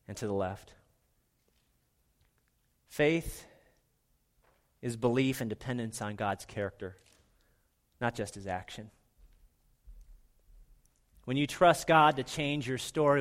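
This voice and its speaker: A middle-aged pastor preaches earnestly in a medium-pitched voice, frequently dropping into a soft, hushed delivery to make a point.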